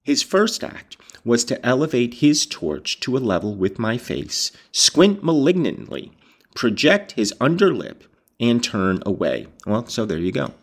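A man's voice: mid-range voice, very animated, unhurried, gravelly. A man reading a novel aloud, breaking off to explain passages and react with casual, sometimes profane comments. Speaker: audiobook reader.

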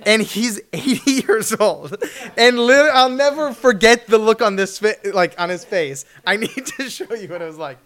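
A man in his twenties telling a story at a fireside chat, animated, acting out the people in it and laughing often. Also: sits high, moderate pace. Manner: animated, acts out voices, laughs often, shouts in bursts.

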